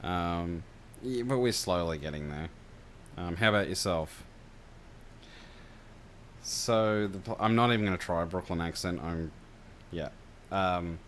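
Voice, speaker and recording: A man with a low voice narrates a story game on his stream. He drifts between reading and loose chat with viewers, with plenty of hesitant fillers, and a faint hum sits behind him. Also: measured pace, long pauses. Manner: relaxed, chatty, hesitant with fillers.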